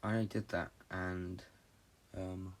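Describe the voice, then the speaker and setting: A young man from Britain hosting a solo podcast, talking in a halting, low-key, confessional way and swearing often. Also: little pitch movement. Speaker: podcast host. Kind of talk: rambling solo podcast monologue.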